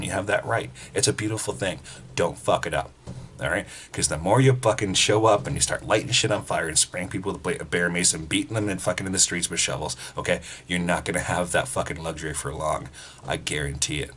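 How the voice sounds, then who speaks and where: A man's voice: sits low, a bit bright, slight background noise. A man giving blunt, heavily profane commentary as a vlogger. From Canada. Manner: blunt, swearing freely, ranting.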